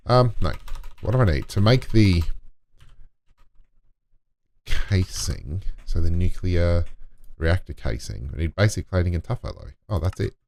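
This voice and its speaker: A man's voice: sits low, expressive, measured pace, a little mellow. A man giving casual gameplay commentary, muttering to himself and talking to in-game items as he builds. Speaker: let's play gamer.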